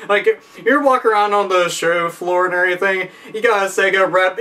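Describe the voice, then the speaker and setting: A man's voice: high-pitched, fairly even intonation, fairly quick, bright, forceful tone, recorded from a distance. A man ranting in a profane, rambling comedic commentary, laughing often. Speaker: vlogger.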